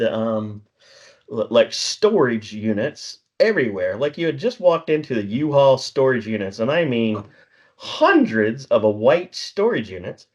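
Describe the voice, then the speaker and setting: A middle-aged man chats casually as a podcast co-host, rambling through stories at a mid-range pitch. He chuckles often and slips into acted-out dialogue. The recording sounds a little dull and lo-fi. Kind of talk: casual chat.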